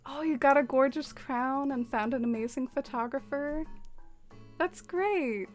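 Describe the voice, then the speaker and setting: A young woman streamer chatting casually with her viewers as she decorates, full of "like" and quick laughs. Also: high-pitched, fairly even intonation, soft background music. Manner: chatty, many fillers, laughs often. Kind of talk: casual livestream chat with viewers.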